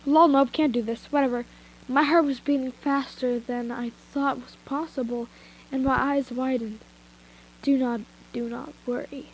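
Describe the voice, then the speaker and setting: A woman's voice: sits high, steady tone, moderate pace, a little hiss or hum, low-quality recording. A young woman with a stuffy nose casually reading fan fiction aloud, giggling and breaking off into chatty asides. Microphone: headphones with mic.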